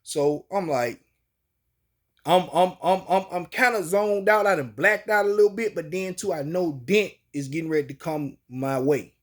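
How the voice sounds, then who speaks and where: Man, slangy colloquial storyteller, fairly high-pitched. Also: normal speed. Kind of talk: casual spoken storytelling.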